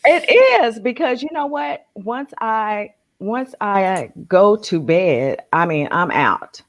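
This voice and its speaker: A woman co-host in casual chat, relaxed and rambling, with many fillers and restarts. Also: medium pitch, slow pace.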